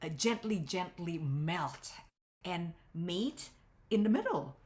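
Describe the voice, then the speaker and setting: A middle-aged woman relationship coach giving earnest, expressive advice as an interview guest, her pitch swinging up for emphasis. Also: takes it slowly.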